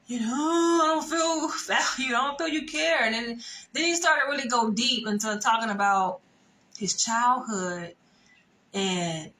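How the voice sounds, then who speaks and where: Young woman, bright and crisp, spilling a dating story to camera; animated, swears freely, talks straight at the viewer. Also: medium pitch, a little hiss or hum, low-quality recording. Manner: animated, profane, conversational storytelling. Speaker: vlogger telling a dating story. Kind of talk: casual storytime monologue.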